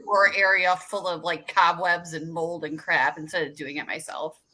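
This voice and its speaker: A woman's voice: on the low side, flat delivery, moderate pace, bright, forceful tone, poor audio. A woman guest talking casually about her paranormal investigation team, upbeat and laughing easily. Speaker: ghost hunter guest. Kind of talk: casual chat.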